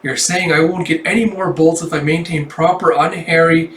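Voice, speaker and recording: A man's voice: on the high side, steady tone, normal speed, fairly bright tone, natural voice. A man putting on a chirpy little schoolgirl. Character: cheerful, scatterbrained little schoolgirl. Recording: roomy, distant mic.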